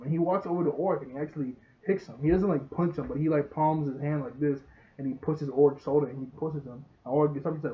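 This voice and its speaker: Young man, casual rambling recap, slightly high voice, phone-like tinny audio. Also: fairly even intonation, fast. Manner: rambling, laughs often, acts out dialogue. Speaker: show reviewer.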